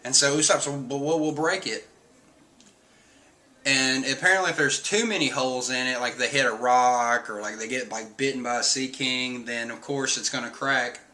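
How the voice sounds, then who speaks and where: A man's voice: medium pitch, steady tone, brisk, hardly any pauses, bright, forceful tone. A man casually recapping a manga chapter in a rambling way, full of fillers, often reading out character lines.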